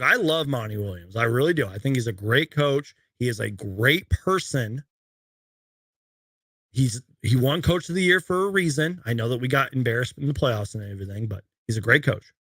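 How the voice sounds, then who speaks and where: Bright-voiced chatty young man hosting a stream. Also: fairly high pitch, no echo. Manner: chatty, reads viewer questions, rambling asides. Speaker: live stream host. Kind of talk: casual live Q&A stream. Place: home room with shelves of collectibles.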